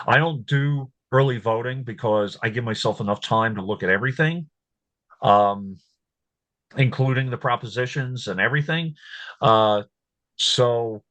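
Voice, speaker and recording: A man hosting his own show, talking casually, repeating words and growing animated when he tells what he said. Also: mid-range voice, dry recording. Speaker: host. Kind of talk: casual commentary.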